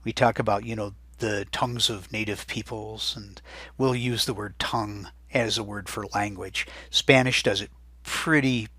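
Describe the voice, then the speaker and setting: A man teaching a recorded Spanish vocabulary lesson in a chatty way, saying each word slowly and more than once so students can write it down. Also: lowish voice, steady tone, bright, forceful tone, slightly rough, dry recording.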